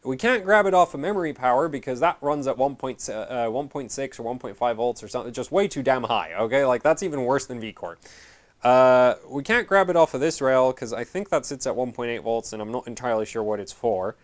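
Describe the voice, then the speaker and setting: A man's voice: medium pitch, brisk. A man hosting his channel, explaining a repair in a casual, rambling way, correcting himself often and dropping dry sarcastic asides. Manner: rambling, self-correcting, many fillers. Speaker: channel host.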